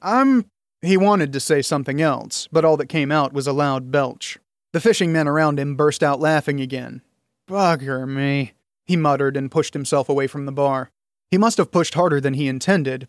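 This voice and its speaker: A man's voice: on the high side, no echo, studio quality. A man narrating a fantasy novel in scripted storytelling. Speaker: audiobook narrator.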